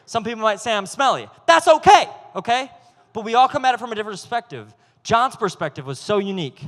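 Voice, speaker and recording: High-voiced young youth pastor, playful. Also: male voice, fairly bright tone. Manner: casual, playful, acts out quotes. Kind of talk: youth sermon. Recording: long hall reverb.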